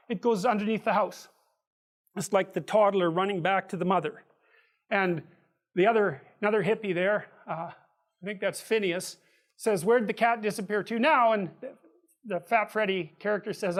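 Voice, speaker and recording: High-voiced man giving a rambling lecture. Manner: rambling, restarts phrases, vivid storytelling asides. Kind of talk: university lecture.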